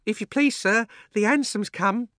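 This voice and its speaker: A man's voice: high voice, moderate pace, fairly bright tone, no echo, clean studio sound, voice pushed up. A man doing an eager young housemaid. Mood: excited. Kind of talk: audiobook character reading.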